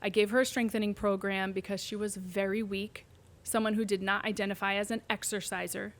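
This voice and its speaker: A pelvic physical therapist, appearing as an interview guest, tells a patient's story in a medium-pitched voice at normal speed. She is animated and acts out the voices of the people she quotes.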